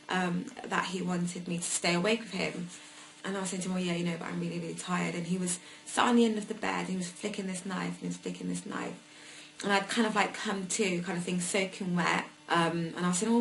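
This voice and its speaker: A woman's voice: medium pitch, vocal fry, a bit bright, low-quality recording. Hesitant young woman recounting. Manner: hesitant, with many fillers. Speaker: survivor sharing her story. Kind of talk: personal testimony.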